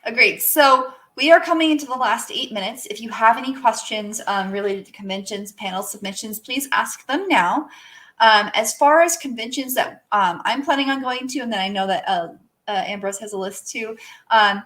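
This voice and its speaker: A woman's voice: a little high, normal speed, fairly bright tone. Chatty woman co-hosting a livestream. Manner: chatty, laughs often, trails off and corrects herself. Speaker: podcast co-host. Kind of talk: casual livestream chat.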